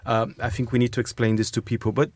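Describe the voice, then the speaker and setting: A man's voice: mid-range voice, level tone, fast. A man hosting a radio interview, friendly and admiring toward his guest. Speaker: radio host. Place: radio studio.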